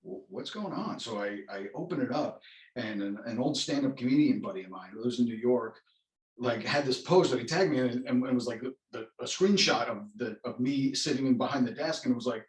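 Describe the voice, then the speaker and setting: A man's voice: medium pitch, a little fast. A man, an actor being interviewed, talks in a casual, rambling way with many restarts and self-corrections. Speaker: actor guest. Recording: roomy echo.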